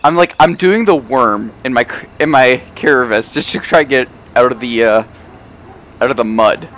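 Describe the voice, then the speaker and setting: A man's voice: medium pitch, moderate pace, fairly bright tone. A man chatting casually and teasing his friend while playing a game. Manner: joking, teasing, sings snatches. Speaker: gamer. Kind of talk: casual gameplay chat. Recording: faint background noise.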